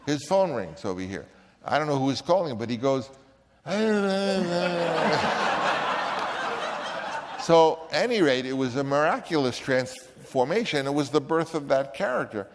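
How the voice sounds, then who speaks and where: A man's voice: on the low side, in a large hall. An older man, a film director, telling rambling anecdotes with frequent restarts. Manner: rambling, with many restarts and acted quotes. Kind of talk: casual anecdote.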